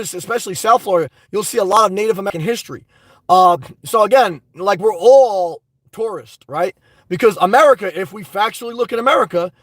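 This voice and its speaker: Here the streamer reads chat messages aloud and launches into energetic, curse-laden rants padded with rambling fillers. His pitch is high, there's no echo, and the audio quality is low.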